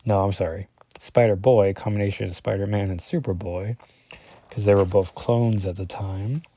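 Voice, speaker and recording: A man's voice: fairly low pitch, steady tone, moderate pace, warm tone. Rambling man reviewing a comic. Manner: rambling, self-correcting, full of fillers. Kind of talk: casual commentary reading through a comic.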